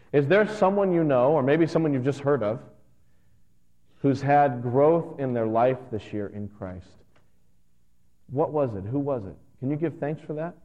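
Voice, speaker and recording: A man in his thirties, a pastor, giving a conversational and earnest sermon that gets animated at times. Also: medium pitch. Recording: dull lo-fi sound with long hall reverb.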